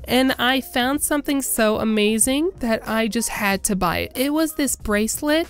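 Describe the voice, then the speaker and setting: A man's voice: very high-pitched, moderate pace, fairly bright tone, smooth. A man voicing a bubbly teenage valley girl who gossips breathlessly, full of "like" and "oh my god". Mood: gushing.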